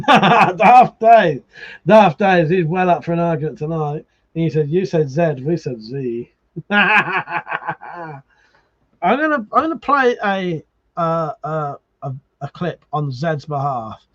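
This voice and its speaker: A man's voice: a little high, lively intonation, takes it slowly, fairly bright tone. A man hosting a live stream, chatting casually, swearing and laughing as he teases viewers, with slightly muffled audio. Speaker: livestream host.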